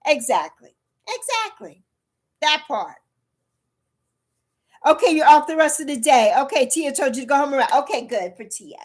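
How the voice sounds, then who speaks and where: A woman's voice: high-pitched, sing-song, normal speed, long pauses. A woman in her early sixties chatting bluntly on a livestream, repeating herself for emphasis and answering her chat. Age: 60s. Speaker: livestream host.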